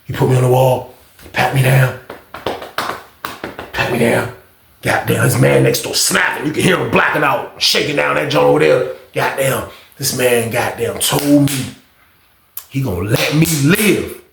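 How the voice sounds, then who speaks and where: Man, storyteller, gravelly and fairly high voice, animated and profane, recorded with a roomy echo. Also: unhurried, long pauses, noisy background. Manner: animated, profane, talks straight to viewers. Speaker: storyteller, channel host. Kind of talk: casual prison storytime.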